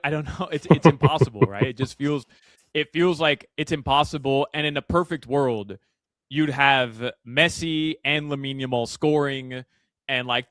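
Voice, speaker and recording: A man as a guest analyst in a casual sports radio chat, animated and full of fillers and restarts. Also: mid-range voice, no room sound. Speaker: soccer betting analyst guest. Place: Miami.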